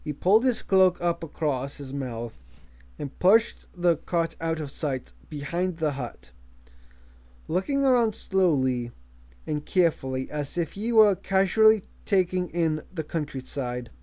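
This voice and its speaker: Slow, measured male audiobook reader. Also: a little high, expressive, mellow. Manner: slow, measured reading with small slips. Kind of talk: amateur audiobook narration.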